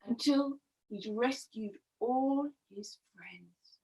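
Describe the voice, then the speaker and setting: A woman storyteller telling a story to young children, expressive and animated, asking them questions as she goes. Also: on the high side, extremely slow, slight background noise.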